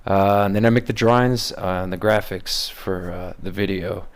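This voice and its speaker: A voice-impression creator speaks casually about how he makes his voice videos, offering behind-the-scenes commentary. His voice is low and steady at a moderate pace, and he sounds hesitant, using many fillers.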